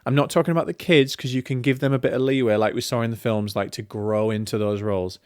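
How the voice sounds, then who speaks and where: A man's voice: medium pitch, fairly even intonation, quick pace, darkish tone, clean tone, dry recording, clean studio sound. A man hosting a casual film review show, talking in a chatty, opinionated way with plenty of fillers and restarts.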